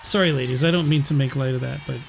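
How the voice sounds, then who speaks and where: Gravelly joking commentator guy. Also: mid-range voice, quick pace, over music, rough recording. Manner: joking, crude banter. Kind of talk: casual gaming commentary.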